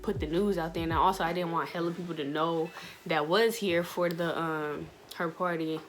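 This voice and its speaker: Chatty young woman, low voice. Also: fairly even intonation, moderate pace, faint music behind. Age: young adult. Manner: chatty, slangy, many fillers. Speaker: vlogger. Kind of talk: casual storytelling vlog.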